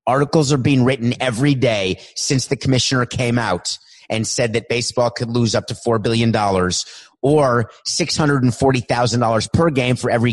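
A man hosting his own podcast, talking solo in a worked-up, emphatic way and stretching words for emphasis. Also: mid-range voice. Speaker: podcast host. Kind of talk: energetic solo podcast monologue.

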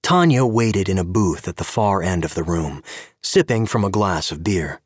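Husky-voiced male narrator. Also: deep voice, moderate pace, no echo, clean studio sound. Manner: expressive storytelling. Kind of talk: scripted narration.

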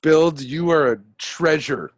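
Casting: man as an easygoing podcast host, lively and laughing, dry close sound. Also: a little high, slow pace, no echo. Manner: chatty, animated, laughs often. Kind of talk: casual chat about role-playing.

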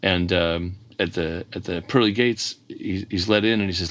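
A man's voice: deep voice, moderate pace, hardly any pauses, a bit bright. A man co-hosting a podcast, talking reflectively and lightly acting out the voices he quotes while he tells a story. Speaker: podcast co-host. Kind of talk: casual conversation, telling a joke as a story.

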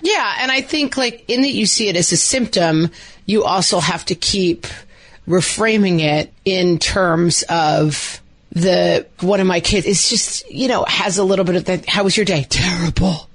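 A woman's voice: on the low side, measured pace. A middle-aged woman co-hosting a podcast, talking casually with many "like" fillers and acting out quoted dialogue. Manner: chatty, lots of "like" fillers, acts out quoted dialogue. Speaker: podcast co-host. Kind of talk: casual chat.

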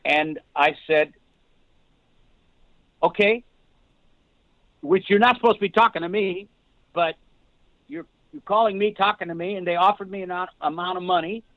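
Older male guest actor, high-ish voice, tinny phone audio; animated, rambling anecdotes. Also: moderate pace, pauses often, dry recording. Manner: rambling, animated storyteller with restarts. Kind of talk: casual podcast storytelling.

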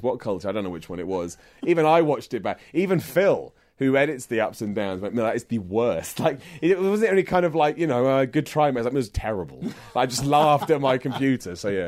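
A young man from Luton, England, speaks with his local accent in a relaxed interview. He rambles cheerfully and pokes fun at himself, and he laughs often. His voice sits at an ordinary middle pitch. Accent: English, Luton. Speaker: interview guest, wrestling presenter. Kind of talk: casual interview chat.

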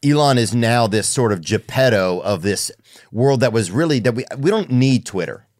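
A man's voice: medium pitch, animated, moderate pace, darkish tone, no echo, clean studio sound. Laid-back male podcast host. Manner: laid-back, rambling, laughs along. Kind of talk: casual podcast chat.

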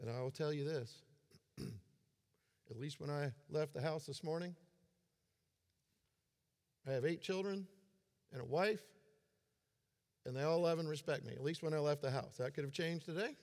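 A man's voice: fairly high pitch, normal speed, long pauses, darkish tone. A man in his forties giving a sermon as a pastor, conversational and self-deprecating in his humor. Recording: long hall reverb.

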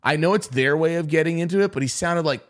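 A man's voice: a little high, fast talker. A man co-hosting a podcast in casual chat, telling a rambling story full of swearing and imitated voices. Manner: rambling storyteller, swears a lot, mimics people. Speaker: podcast co-host.

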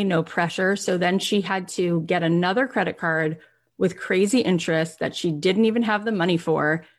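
Low-voiced woman telling a motivational story. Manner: acts out quoted voices, rising and pleading at emotional peaks. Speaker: motivational speaker.

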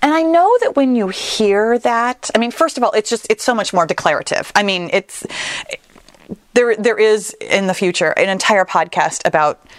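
A woman hosting a solo podcast, talking in a conversational, animated way with playful asides. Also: medium pitch, normal speed, dry recording. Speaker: podcast host.

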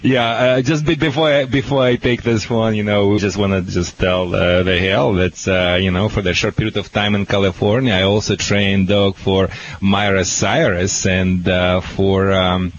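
A man's voice: low-pitched, flat delivery, moderate pace, few pauses, highs cut off, slight background noise. A man with a Russian accent, a dog trainer giving blunt, boastful advice on a call-in radio show.

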